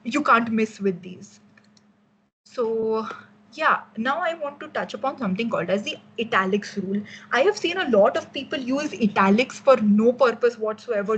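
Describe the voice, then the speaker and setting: A woman's voice: fairly high pitch, fairly bright tone, breathy edge, low-quality recording. A young woman with an Indian English accent, giving a casual workshop lecture on design as a mentor, explaining with frequent fillers and restarts.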